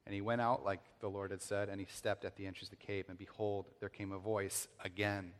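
A man with a low voice delivers a sermon that ringingly echoes through a large reverberant space. He acts out scripture passages with loud, pleading outbursts. Then he drops to a hushed, reverent tone. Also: flat delivery, brisk, hardly any pauses. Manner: dramatic, swings from loud acted pleading to hushed reverent tones. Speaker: pastor. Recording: long hall reverb.

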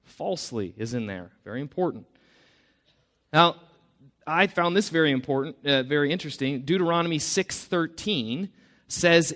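A man's voice: fairly high pitch, lively intonation, normal speed, a bit bright, in a large hall. A male pastor preaching a conversational sermon with light humor. He often breaks off mid-sentence to restart and rephrase.

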